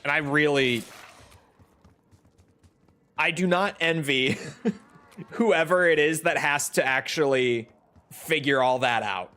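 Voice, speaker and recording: A man's voice: fairly high pitch, slow, pauses often, bright, forceful tone. A man giving casual gameplay commentary, chatty and rambling, often correcting himself mid-sentence. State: has the hiccups. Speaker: gaming streamer.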